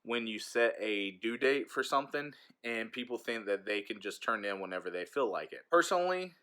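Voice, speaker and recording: A man's voice: on the low side, lively intonation, a little fast, sharp tone, clear, resonant tone. A man who teaches eighth grade, chatting frankly and telling stories in a casual vlog into a handheld phone.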